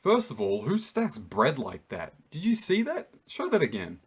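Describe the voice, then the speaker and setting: A man's voice: medium pitch, huge pitch swings, normal speed. A man with an Australian accent, hosting a reaction video in an incredulous, ranting way. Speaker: YouTube host. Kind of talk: reaction rant.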